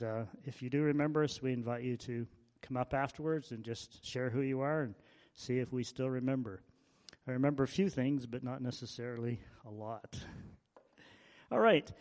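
A man, a visiting missionary, giving informal announcements to a church congregation, halting and repeating himself as he goes. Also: mid-range voice, darkish tone, big-room sound.

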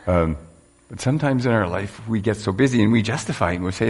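A man's voice: fairly low pitch, fast. A man preaching a sermon in a conversational way, with rhetorical questions and casual fillers.

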